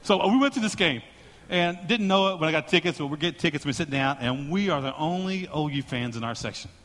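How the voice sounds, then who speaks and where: A male pastor delivers an animated sermon, mixing jokes with storytelling. His voice is high and bright. A long reverb fills the sanctuary around him. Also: a little fast. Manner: storytelling, joking, animated preaching.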